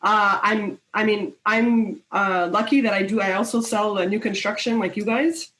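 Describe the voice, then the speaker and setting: A woman's voice: mid-range voice, steady tone, normal speed, fairly bright tone, poor audio. Woman broker from Quebec joining by video call from home, friendly and chatty, mid voice. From Quebec, Canada. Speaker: real estate broker, guest. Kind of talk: casual webcast talk.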